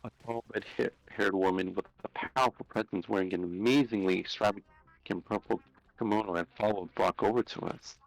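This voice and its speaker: A man narrating a fan story aloud on a live stream, unhurried, with small slips and restarts. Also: fairly low pitch, fairly even intonation, dry recording, low-quality recording.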